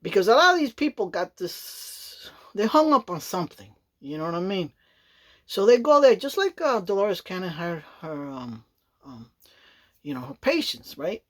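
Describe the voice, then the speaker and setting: Here a very animated woman speaks at normal speed in a mid-range voice. She's vlogging in a loose, chatty ramble, frequently saying "you know what I mean" to the listener and breaking into laughter.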